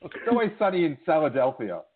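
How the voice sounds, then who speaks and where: A man's voice: a little high, very animated, fast talker, slightly rough. A man hosting a podcast and taking calls, teasing and playful in tone. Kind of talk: casual podcast chat. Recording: tinny phone-like sound.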